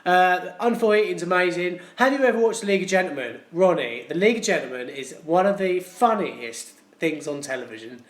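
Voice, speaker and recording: A man's voice: high voice, lively intonation, brisk, hardly any pauses. Give me a chatty man hosting a casual live stream in an echoey room. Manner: jokey, chatty, reads viewer comments aloud.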